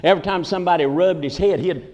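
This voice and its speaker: A man's voice: sits high, fast, lo-fi sound, noisy background. A man with a Southern US accent telling folksy comic stories to a live audience and teasing people in the crowd. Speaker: comedic entertainer. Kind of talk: stand-up storytelling in a folksy character. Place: large conference hall with a live audience. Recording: echoey hall.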